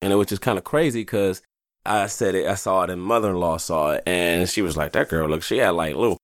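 A man hosting a podcast, chatting casually and telling animated stories. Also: low voice, fairly quick, dry recording, clean studio sound. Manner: animated storyteller, drifts into comic voices. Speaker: podcast host. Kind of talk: casual chat.

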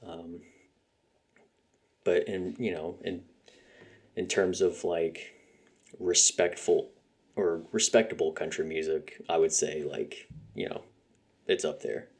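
A man's voice: low-pitched, fairly even intonation, takes it slowly, long pauses, darkish tone, slightly rough. A young man hosting a podcast, rambling casually about music with lots of fillers and swearing. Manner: rambling, profane, frequent fillers. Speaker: podcast host.

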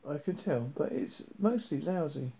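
A man voicing Ford, a quick-witted man who needles his captor with probing, mocking questions. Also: fairly high pitch, lively intonation, mellow. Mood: needling. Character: quick-witted, scheming alien traveller Ford, adult man. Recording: dull lo-fi recording.

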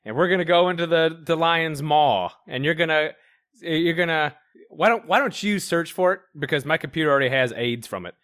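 A man's voice: on the high side, fairly quick, fairly bright tone, dry recording, clean studio sound. A man co-hosting a casual talk show, talking crudely and chuckling while he browses online content. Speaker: co-host reacting to online content. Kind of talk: casual profane chat.

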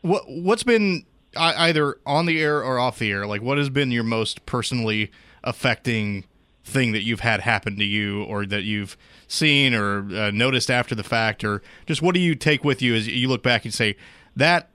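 A co-hosting man with a bright, forceful edge to his voice rambles through a long question, piling one clause on the next. He is recorded close and dry. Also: mid-range voice, moderate pace, smooth, no echo. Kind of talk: casual interview chat.

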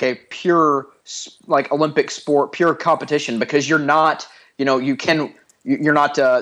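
A man's voice: a little high, a bit bright. Joking man co-hosting a podcast. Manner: joking, talkative. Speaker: co-host, police officer. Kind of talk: casual podcast chat.

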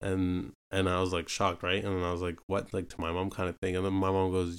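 A young Canadian podcast host with a deep, clear, resonant voice tells his own story in a monotone, talking a little fast with hardly any pauses. He rambles casually, packing in fillers like "you know what I mean" and "right" along with repeated asides.

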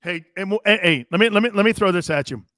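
A middle-aged man from Connecticut hosting a sports radio show, loud and rambling, laughing and doing voices for his stories. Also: sits high, quick pace, dry recording, clean studio sound. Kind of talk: animated sports talk.

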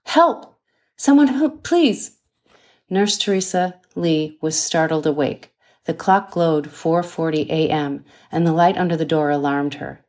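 Audiobook: author reads her thriller, low-ish female voice, measured and dramatic. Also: fairly even intonation, a little mellow. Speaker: author reading her novel. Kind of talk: audiobook narration.

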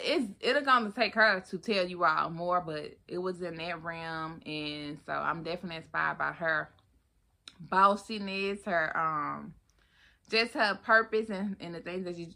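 Brief: woman host, low-ish bright voice, chatty motivational vlog talk. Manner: chatty, expressive, loose with restarts and asides.

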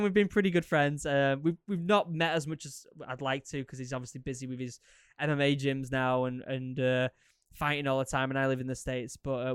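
A man in his thirties, a podcast host, telling stories casually in a rambling, animated way with many fillers and repeats. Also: mid-range voice, clear, resonant tone, no room sound, clean studio sound. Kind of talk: casual storytelling, answering listener questions.

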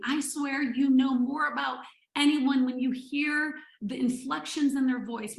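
A woman leading a motivational training call for health coaches, energetic, playful and emphatic. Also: high voice, creaky, echoey room, poor audio.

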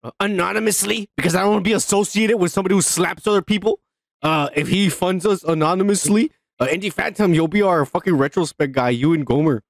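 A man's voice: high voice, fast, gravelly, dry recording, clean studio sound. A man co-hosting a casual podcast, reading viewer comments and joking in a rambling, profane way with lots of fillers. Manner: profane, rambling, many fillers and repeated yeahs. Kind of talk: casual drunk podcast banter.

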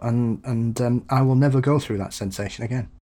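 A man's voice: medium pitch, a little fast, warm tone. A man co-hosting a podcast, chatting casually with jokey, rambling anecdotes. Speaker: podcast co-host. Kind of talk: casual chat.

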